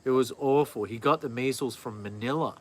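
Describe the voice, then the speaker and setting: A man's voice: mid-range voice, a little fast. A man, chatting casually and rambling on a live vlog, often correcting himself. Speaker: vlogger. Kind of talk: casual live-stream chat.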